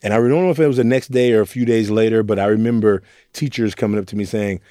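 A fast-talking young man from Oakland, California, who works as a youth mentor, gives a candid interview full of reflective stories and quoted asides. His medium-pitched voice is animated and dark, captured in a clean studio without echo.

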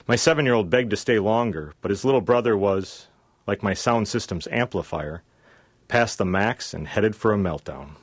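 A man's voice: on the low side, dry recording, studio quality. A man in his forties reading his own wry, reflective first-person essay for public radio. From Wisconsin.

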